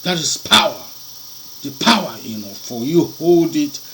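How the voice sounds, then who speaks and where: A man delivers a fiery sermon in a fairly high voice that leaps up and down. He fires off rhetorical questions and keeps repeating and restarting his phrases. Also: animated, unhurried, fairly bright tone, a little hiss or hum, rough recording. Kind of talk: impassioned sermon.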